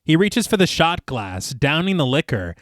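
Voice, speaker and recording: A man's voice: on the high side, moderate pace, no echo, clean studio sound. A man co-hosting a podcast, narrating a film scene by scene and quoting its lines with gusto between casual asides. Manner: animated storyteller, quotes lines with gusto. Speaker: podcast co-host recapping a film.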